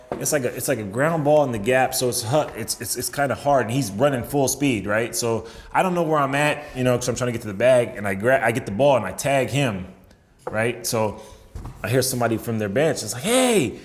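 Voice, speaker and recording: Young man, casual storytelling, slangy, animated, mid-pitched voice. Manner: animated, acts out quotes in a high voice; slangy, frequent "you know what I'm saying". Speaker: guest pitcher telling a story.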